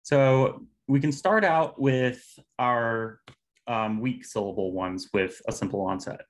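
A man presenting an academic linguistics talk over a video call, measured and explanatory with occasional fillers. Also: mid-range voice. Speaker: conference presenter.

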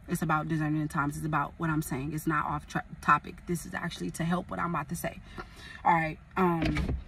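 A woman's voice: fairly low pitch, fairly bright tone, slightly rough, far from the mic. A young woman from California, a prophetess, preaching casually and rambling, repeating phrases for emphasis.

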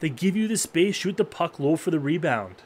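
A man giving excited play-by-play commentary on a hockey video game. He talks to the players on screen, jumps to loud, high-pitched yelling at big plays, then drops to low mutters. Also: normal speed, slightly rough. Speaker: gaming YouTuber.

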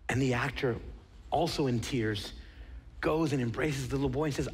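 A man preaching a sermon in a theater, telling a story with animated emphasis and dropping to a hushed, near-whispered delivery at moving moments. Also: medium pitch, fast talker, in a large hall, a little hiss or hum. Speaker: pastor.

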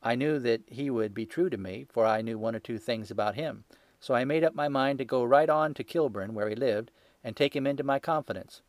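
A man voicing a terrified young male hotel thief who pleads desperately with a shrill, high voice. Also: no room sound, lightly acted.

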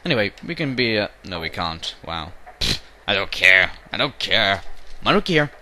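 A man's voice: sits low, expressive, normal speed, pushed and bright. A young man giving casual game commentary at home, rambling and jokey and breaking into silly voices. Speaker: let's play commentator. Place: bedroom at home.

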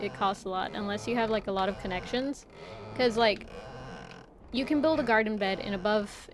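A woman streamer chatting casually while playing a game, rambling with lots of fillers. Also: mid-range voice. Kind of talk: casual chat while gaming.

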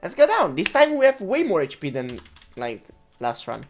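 A young woman commentating her own video game run, laughing often, swearing and reacting loudly. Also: on the low side, wildly swooping pitch, moderate pace, slight background noise. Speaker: gameplay commentator. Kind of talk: let's play commentary.

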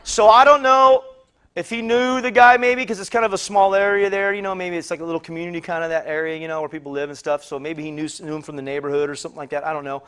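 A man's voice: on the high side, little pitch movement, fast, fairly bright tone, smooth. A man preaching a sermon, telling a story in a rambling way, repeating words and acting out the voices of people he quotes. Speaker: pastor.

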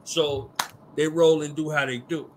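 A man appearing as a guest on a radio show, telling stories about films in animated casual chat over a remote call. He laughs often and keeps checking that the listener follows. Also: on the high side, a little slow, background noise. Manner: animated storyteller, laughs often, asks "you understand what I'm saying?". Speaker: guest, rapper.

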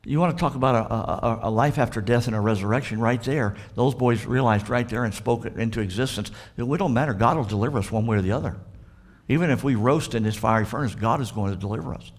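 A male pastor with a Southern American accent preaching a sermon, acting out dialogue between the characters in a lively storytelling manner. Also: medium pitch, fast talker. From Florida.

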